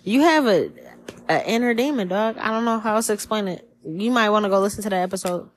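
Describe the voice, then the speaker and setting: A woman's voice: medium pitch, fast talker, no echo. A woman hosting a casual spiritual reading podcast, talking in a loose, rambling way, full of slang and swearing. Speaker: tarot reader.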